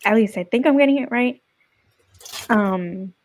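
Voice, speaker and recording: A woman guest in a casual video-call chat, talking in a halting way as she searches for words. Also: a little high, a little mellow.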